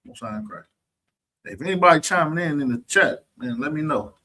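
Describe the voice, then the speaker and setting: Husky-voiced man preaching scripture. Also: a little high, animated, brisk, sharp tone. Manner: preachy, mocking, keeps asking "you understand?". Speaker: scripture teacher. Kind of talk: streamed scripture lesson.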